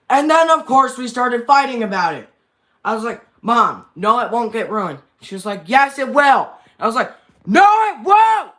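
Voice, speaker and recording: Slow-talking young man ranting at home. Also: high voice, a bit bright. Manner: rambling, worked-up complaining. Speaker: vlogger. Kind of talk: casual home vlog. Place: bedroom at home.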